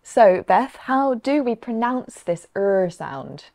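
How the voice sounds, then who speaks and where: A woman from the south of England with a Southern English accent, explaining pronunciation clearly and encouragingly. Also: on the high side, animated, takes it slowly, darkish tone. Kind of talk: scripted lesson dialogue.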